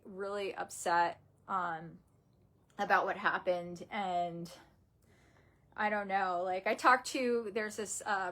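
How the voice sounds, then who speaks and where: A young woman vlogger with a medium-pitched, slightly bright voice tells a painful personal story. She's grieving and near tears, speaking haltingly and upset, with many restarts and fillers.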